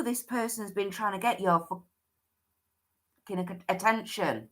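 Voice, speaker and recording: A woman's voice: mid-range voice, a little slow, pauses often, fairly bright tone. A woman hosting a livestream, giving a chatty oracle card reading that often restarts and thinks aloud.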